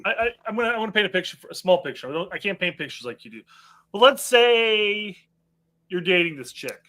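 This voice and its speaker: Guy on a soccer podcast, bright kinda sharp voice, pitch a bit up, opinionated, explains stuff w/ examples. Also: big pitch swings, racing. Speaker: podcast co-host. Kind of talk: casual soccer chat.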